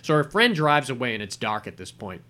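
A man in casual chat, retelling a film scene with lively storytelling and acted-out quotes. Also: medium pitch, a little fast. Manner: animated storyteller acting out quoted lines.

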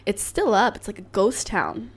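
A chatty woman speaking in a medium-pitched voice. She talks casually as a podcast guest, often restarting sentences and breaking into laughter. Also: animated, moderate pace, slightly rough. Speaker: stunt performer guest.

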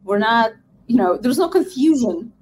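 A woman's voice: fairly high pitch, lively intonation, normal speed, a little mellow, slight background noise. A woman with a Russian accent, a guest speaking earnestly and emphatically about her organization in an interview. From former Soviet Union. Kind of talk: interview conversation.

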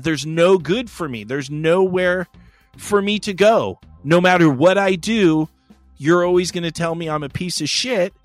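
A man's voice: high-pitched, no room sound. A man hosting a podcast, talking candidly and casually, with frequent swearing and laughter. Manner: candid, profane, laughs often. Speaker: podcast host. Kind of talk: casual chat.

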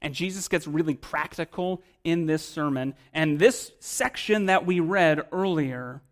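A pastor delivering a sermon to his congregation, his voice sitting a little higher than most men's. He talks in a relaxed, everyday way, full of casual turns of phrase, then leans into key points with force before dropping back down to near-hushed remarks. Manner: conversational preaching with emphatic swells and quiet drops.

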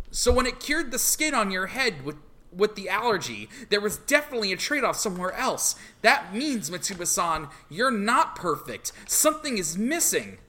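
A player voicing a young woman who is panicked and accusing, with a lively, bright voice. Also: medium pitch. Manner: urgent, accusing. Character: young woman, frantic and suspicious.

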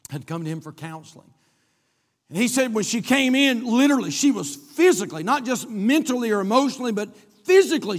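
A male pastor with a high voice preaches an emphatic, repetitive sermon in a live-streamed church sanctuary, his delivery rising and falling. The recording has a big-room sound.

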